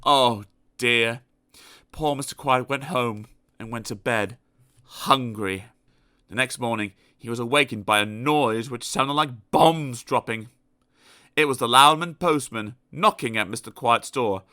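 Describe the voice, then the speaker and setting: A man narrating a children's storybook aloud in an expressive, animated storytelling manner. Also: medium pitch, measured pace, clean tone, no room sound, clean studio sound. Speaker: audiobook narrator.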